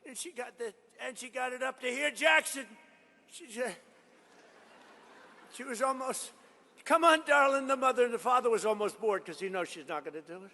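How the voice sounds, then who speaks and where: A man's voice: very high voice, normal speed, creaky, pushed and bright. A man giving a rally speech, rambling into stories and boastful asides and repeating his points for emphasis. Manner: repetitive, emphatic phrasing. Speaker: politician addressing a rally. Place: large event venue. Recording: long hall reverb from a big venue.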